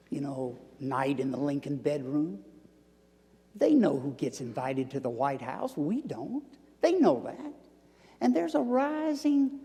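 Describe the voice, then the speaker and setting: Southern man in his sixties, lecture storyteller, drops to hushed asides, gravelly voice in a reverberant hall. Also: fairly high pitch. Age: 60s. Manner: storytelling, swings from loud emphasis to near-whispers. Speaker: guest lecturer. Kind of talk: public lecture answering audience.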